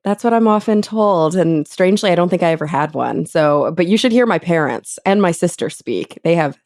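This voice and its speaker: A woman's voice: lowish voice, animated, fairly quick, darkish tone, no room sound, clean studio sound. A woman from Texas hosting a casual podcast interview, upbeat and laughing often. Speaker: podcast host.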